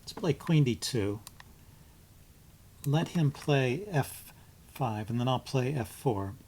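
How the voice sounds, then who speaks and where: A man's voice: medium pitch, lively intonation, slow pace, darkish tone, husky. A man hosting his chess channel, commentating live on his own blitz game, thinking aloud with frequent ums and muttering moves under his breath.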